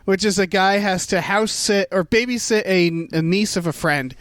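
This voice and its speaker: A man's voice: sits high, normal speed, a bit bright, dry recording. A man co-hosting a podcast in loose casual chat, rambling with lots of fillers and swearing freely. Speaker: podcast co-host.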